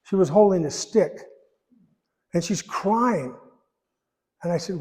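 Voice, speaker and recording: A man in his eighties giving a personal testimony in church, rambling and folksy, pausing when emotional. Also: high voice, lively intonation, darkish tone. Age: 80s. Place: church sanctuary. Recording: echoey church hall.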